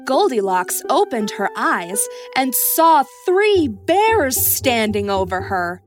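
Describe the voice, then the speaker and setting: A woman tells a children's storybook in a high, slow, very lively voice, lingering over each phrase. Her tone swings up and down in a sing-song way. Soft music plays quietly beneath her.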